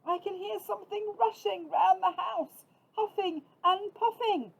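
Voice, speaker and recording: A woman voicing a frightened little boy mouse in a storybook, calling out high and anxious. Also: unhurried, creaky, heavily acted, rough recording. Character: frightened small young male mouse.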